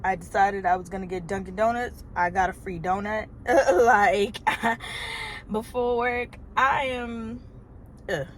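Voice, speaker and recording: A woman in her thirties, originally from Trinidad, telling a casual storytime vlog from her car in an animated, chatty way with exasperated asides. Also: medium pitch, slow pace, a little hiss or hum. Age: 30s. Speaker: vlogger. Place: parked car.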